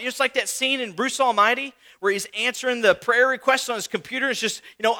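High, bright-voiced male pastor preaching. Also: fairly quick, few pauses. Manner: conversational preaching with rhetorical questions and repetition. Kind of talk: sermon.

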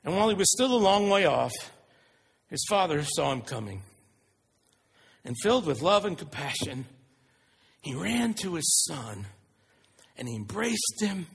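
A man preaching a sermon, retelling stories in an earnest, animated way. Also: high-pitched, creaky, husky. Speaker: pastor. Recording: long reverb of a large hall.

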